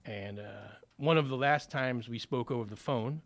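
A man's voice: mid-range voice, moderate pace. A man telling his personal recovery story in a conversational way, with many fillers and acted-out bits of dialogue. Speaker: speaker sharing a recovery story.

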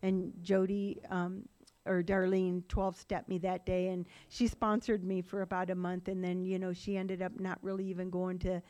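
A woman's voice: fairly low pitch, level tone, normal speed, dark tone. A middle-aged woman sharing her personal recovery story in a rambling, run-on way, with laughing asides. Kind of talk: personal testimony talk.

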